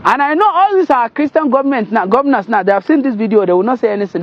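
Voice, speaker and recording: Man, Nigerian accent, very high pitch, indignant commentary, muffled lo-fi recording. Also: expressive, racing, few pauses, no room sound. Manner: indignant, scolding. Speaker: political commentator. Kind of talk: commentary translating a clip. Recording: dull lo-fi sound.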